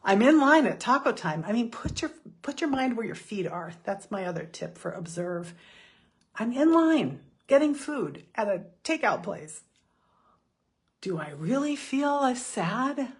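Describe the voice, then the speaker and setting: A middle-aged woman giving a chatty motivational talk, self-deprecating and quick to laugh. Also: a little high, very animated, slightly rough. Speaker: speaker.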